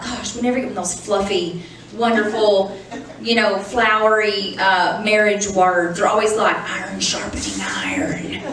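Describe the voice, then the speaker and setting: A woman's voice: mid-range voice, a bit bright, slight background noise. A middle-aged woman, telling stories and teaching in a chatty sermon style, often laughing. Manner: chatty, storytelling, laughs often, addresses the congregation as y'all. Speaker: pastor's wife teaching on marriage. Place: church hall. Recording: echoey hall, distant mic.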